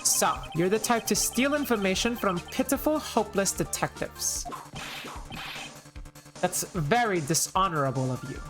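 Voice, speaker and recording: A woman's voice: mid-range voice, expressive, moderate pace, lightly acted. A woman voicing a stern, haughty young female prosecutor with a German accent, clipped and imperious, with game music underneath. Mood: scornful.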